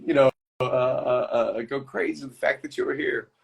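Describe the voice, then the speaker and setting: A man voicing an excitable male TV fan in his late seventies, with a husky, gushing delivery. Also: mid-range voice, normal speed. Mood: eager. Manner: gushing, loud, wide-eyed delight. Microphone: phone.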